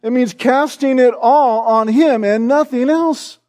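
A man preaching from the pulpit in a strikingly high voice. He drives his points home with emphatic, repeated words and keeps punctuating them with a questioning "right?" to his congregation. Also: unhurried, darkish tone. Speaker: pastor. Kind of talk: sermon.

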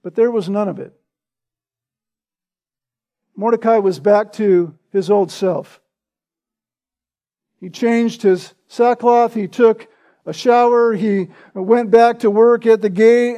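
A man preaching a sermon with a notably high, light voice. His tone is mellow and warm rather than bright. He tells his stories conversationally and keeps checking in with the congregation through rhetorical questions. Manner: conversational storytelling, asks the listeners rhetorical questions. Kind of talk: expository sermon.

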